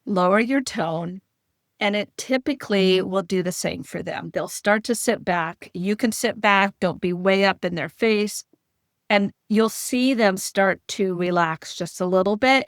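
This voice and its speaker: A woman guest explains workplace leadership in a calm, practical way. Her pitch sits at an ordinary middle level. The recording is dry and close, with no room sound. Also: a little slow, no room sound. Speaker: podcast guest, leadership expert. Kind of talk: advice-giving interview talk.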